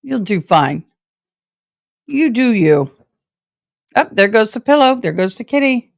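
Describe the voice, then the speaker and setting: A woman's voice: fairly high pitch, big pitch swings, a little slow, vocal fry, no echo, clean studio sound. A woman hosting a live stream from her home, chatting casually and talking straight to her viewers. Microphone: camera setup.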